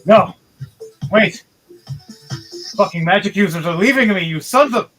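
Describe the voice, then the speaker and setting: A man's voice: lively intonation, measured pace, faint music behind, low-quality recording. A man doing a frantic, screaming king. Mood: furious. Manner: yelling, high and frantic. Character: furious, panicking male king.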